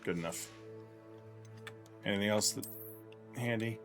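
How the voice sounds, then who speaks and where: A man's voice: on the low side, lively intonation, moderate pace, long pauses. A man casually commenting on his gameplay in a wry, offhand way, often muttering to himself. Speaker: streamer. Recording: game music loud underneath.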